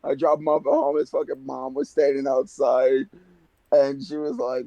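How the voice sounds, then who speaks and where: A man's voice: medium pitch, normal speed, gravelly, warm tone, dry recording. A young man co-hosting a podcast, brash and joking, swearing freely in casual chat. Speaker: podcast co-host.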